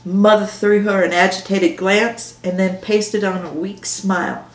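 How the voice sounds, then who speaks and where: A woman author reads her own novel aloud in a measured first-person storytelling manner. Her voice sits at a middle pitch, and the recording carries a roomy echo. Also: fairly even intonation. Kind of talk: audiobook narration on camera.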